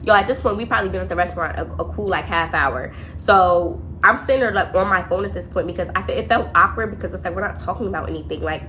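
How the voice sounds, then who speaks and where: A young woman vlogger telling a dating story in casual chat, animated and profane, talking to her viewers as y'all. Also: lowish voice, fast talker, few pauses, soft background music.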